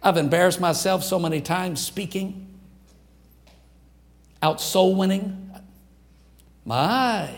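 High-voiced folksy preacher. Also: male voice, takes it slowly, vocal fry, long pauses. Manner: folksy, animated storytelling with acted quotes. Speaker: pastor. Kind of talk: sermon.

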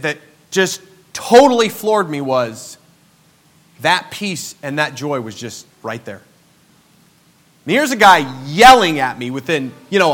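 A pastor in his forties with a high, bright and forceful voice, preaching in a storytelling way. He drops to near-murmurs and then rises to emphatic bursts. His delivery is personal and conversational. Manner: storytelling, emphatic, swings between soft and loud. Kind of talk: sermon.

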